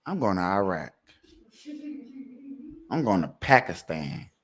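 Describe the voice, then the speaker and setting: Lively joking man with drawl. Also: sits low, takes it slowly, breathy edge. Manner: animated, joking, laughing often. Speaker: host. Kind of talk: casual comedic commentary.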